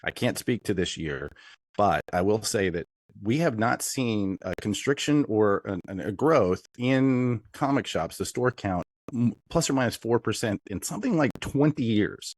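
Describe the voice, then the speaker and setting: A man's voice: on the low side, animated, normal speed, darkish tone, no echo. A man guesting on an interview show, eagerly explaining his field and thinking aloud as he goes. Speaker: interview guest, industry consultant. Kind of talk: casual interview.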